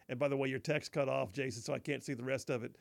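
A man's voice: mid-range voice, steady tone, fast, gravelly. A man hosting a talk radio show, chatting wryly, reading listener texts and laughing along. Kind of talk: casual talk radio commentary.

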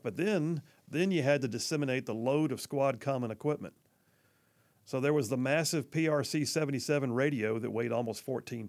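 A male talk show host telling a story, with a gravelly, fry-tinged voice at a middle pitch. His delivery is folksy and earnest, and he speaks straight to his listeners. The recording is close and dry, with no room sound. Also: a little mellow, dry recording. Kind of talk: storytelling monologue.

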